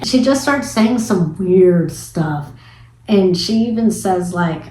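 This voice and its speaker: A woman giving a casual spoiler review of a film, retelling scenes in an animated, chatty way with some casual swearing. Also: lowish voice, slow, a little hiss or hum. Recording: echoey room.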